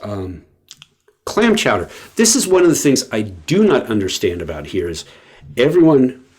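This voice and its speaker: A man's voice: medium pitch, big pitch swings, moderate pace, husky. A man chatting casually to the camera in a rambling way, full of fillers and restarts. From West Coast of the US. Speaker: vlogger.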